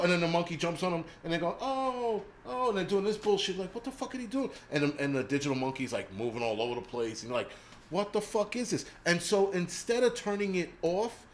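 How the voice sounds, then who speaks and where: A man's voice: medium pitch, a little hiss or hum. A man hosting a live stream, ranting casually and profanely with lots of fillers.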